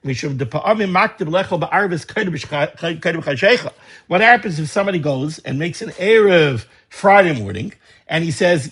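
A man teaching a lesson on religious law, reading passages aloud and explaining them in a lively way. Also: high voice, moderate pace, slightly rough. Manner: lively explaining, reading Hebrew texts and translating. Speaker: Torah teacher. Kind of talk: Talmudic study lecture.

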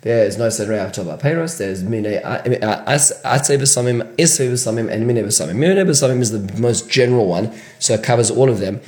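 A man's voice: mid-range voice, a little fast, hardly any pauses, a little mellow, echoey room. A man teaching a question-and-answer lesson on Jewish law, often restarting his sentences as he goes. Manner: question-and-answer delivery with frequent restarts and fillers. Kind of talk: Q&A-style halachic lesson.

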